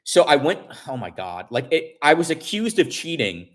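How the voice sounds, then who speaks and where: A man's voice: a little high, big pitch swings, moderate pace, fairly bright tone. A man vlogger telling a story in casual chat, rambling with many restarts and fillers, and swearing when upset.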